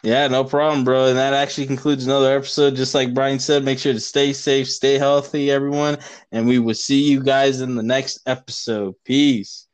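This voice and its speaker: A man's voice: medium pitch, flat delivery, normal speed, clear, resonant tone, no echo. Man hosting a soccer podcast, dry sound. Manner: laughs often, says "bro". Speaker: podcast host. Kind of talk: casual soccer preview chat.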